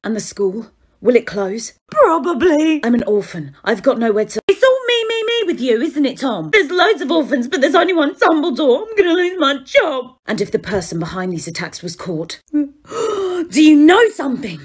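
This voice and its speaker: A woman performing a comedy parody sketch, switching quickly between exaggerated characters. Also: high-pitched, big pitch swings. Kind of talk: parody sketch acting many roles.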